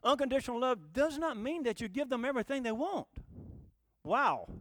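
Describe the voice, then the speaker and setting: A man's voice: extremely high pitch, animated, moderate pace, fairly bright tone, no echo. A male pastor preaching a conversational, folksy sermon, asking the congregation rhetorical questions. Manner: folksy, emphatic.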